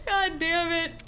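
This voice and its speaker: A woman's voice: extremely high pitch, pushed and bright, a little hiss or hum. A woman streaming a video game, chatting casually and with exasperation, swearing often. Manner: exasperated, swearing, frequent laughs.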